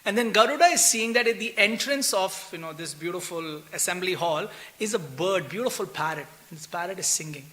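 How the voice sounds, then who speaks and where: A man's voice: sits high, expressive, fairly quick, hardly any pauses, fairly bright tone. A man giving a scripture class in a temple, chatty and full of "you know" and "right?", acting out the characters of a story. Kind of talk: sermon with storytelling. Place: temple hall.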